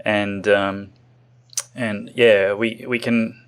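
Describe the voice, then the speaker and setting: A man hosting an interview, speaking haltingly with many restarts. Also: fairly low pitch, flat delivery, clear, resonant tone. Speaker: interview host. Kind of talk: interview conversation.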